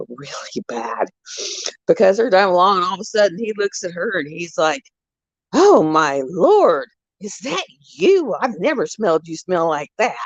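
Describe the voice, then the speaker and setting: A woman's voice: on the low side, vocal fry, dry recording, dull audio. A middle-aged woman rambling through chatty stories while hosting a casual livestream. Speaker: livestream host. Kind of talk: casual chat while crafting.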